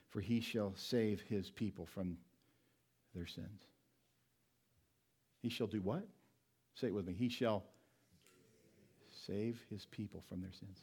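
A man's voice: lowish voice, darkish tone, breathy edge. Man preaching, asking questions and answering. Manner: asks the congregation questions and answers them; slows down and stresses single words. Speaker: pastor. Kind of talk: sermon.

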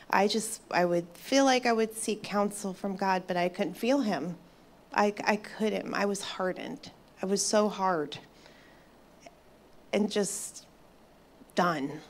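Before an audience, a woman in her fifties tells her personal story of faith in a medium-pitched voice. Her tone is earnest and thoughtful, and she pauses and restarts along the way.

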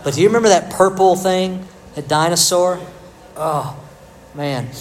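A middle-aged man delivers a sermon like a chat with friends, poking fun at himself and calling on people in the pews. His voice sits a little high for a man. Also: measured pace, slight background noise, low-quality recording. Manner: conversational, self-deprecating, addresses the congregation by name. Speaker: pastor.

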